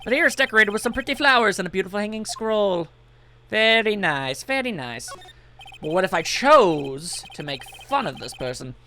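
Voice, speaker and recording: Man, let's play commentary, jokey, animated voice, bright tone. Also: high-pitched, normal speed, slight background noise. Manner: jokey, reads on-screen text aloud. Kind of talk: casual gameplay commentary.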